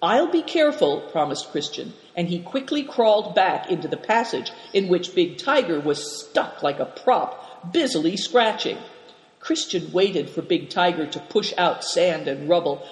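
A narrator reading a children's adventure story aloud at a steady, measured pace. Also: mid-range voice. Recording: roomy hall reverb.

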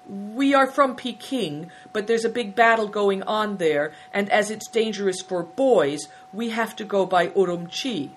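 A woman's voice: medium pitch, a little slow, hardly any pauses, slight background noise, voice pushed up, lightly acted, rough recording. A woman voicing a timid, earnest boy who speaks nervously and stammers.

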